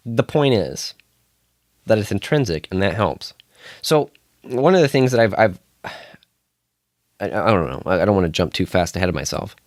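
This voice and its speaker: Young male podcast host, lowish voice, dry close sound, loose rambling monologue. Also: animated, normal speed, pauses often, no echo. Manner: rambling, self-interrupting, chuckles often. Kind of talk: casual solo podcast monologue.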